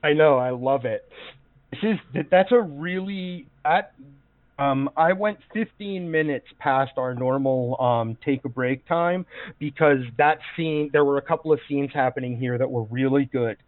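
A man acting as game master for a tabletop role-playing game narrates scenes in a rambling way, full of fillers. His medium-pitched voice moves a little slowly, with no room sound, over dry, phone-like online call audio.

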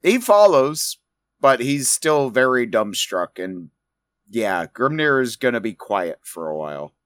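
A man's voice: medium pitch, unhurried, no room sound, clean studio sound. Man narrating a tabletop game. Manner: casual, lively narration with swearing. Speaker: game master.

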